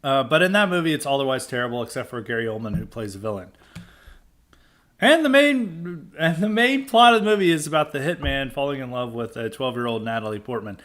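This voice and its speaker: A man's voice: mid-range voice, animated, fast, hardly any pauses, a bit bright. A man hosting a podcast, giving a blunt, opinionated monologue that rambles with many restarts and filler words. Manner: dismissive and blunt. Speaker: podcast host.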